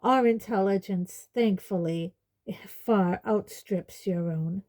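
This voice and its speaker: A woman voicing a proud male centaur who speaks slowly and gravely. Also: medium pitch, darkish tone, close to an everyday voice. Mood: disdainful. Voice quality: slow, stately, grave.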